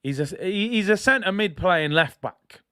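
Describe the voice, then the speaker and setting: A young man hosting a live football watch-along, reading chat and reacting loudly to the match. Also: high-pitched, unhurried, clear, resonant tone, no room sound, clean studio sound. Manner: excitable, banters with chat, shouts at big moments.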